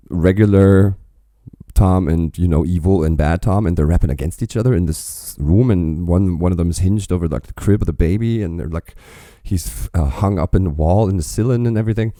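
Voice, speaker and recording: A man hosting a reaction video, talking in a rambling, profane, animated way about a song. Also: sits low, no echo, clean studio sound. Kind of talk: casual reaction commentary.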